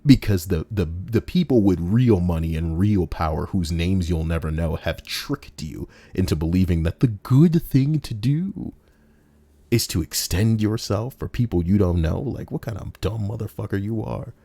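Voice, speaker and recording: Deep dark male voice, brash profane story reader, mocking rants, dry close sound. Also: expressive, normal speed, vocal fry, breathy edge, no echo. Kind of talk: reading stories aloud with crude commentary.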